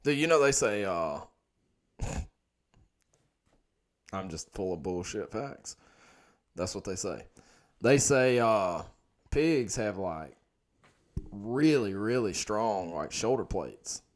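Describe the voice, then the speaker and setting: A man's voice: lowish voice, animated, slow pace, long pauses. A man co-hosting a podcast, bantering loosely and joking, a little drunk. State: slightly drunk. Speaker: podcast co-host. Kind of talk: casual chat.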